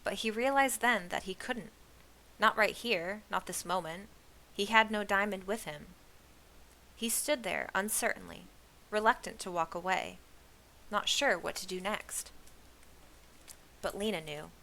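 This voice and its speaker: Woman, book read-aloud, bright and crisp voice, expressive narration. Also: medium pitch, a little slow, long pauses. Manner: expressive storybook reading. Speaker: reader of a children's book. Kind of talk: reading a novel aloud.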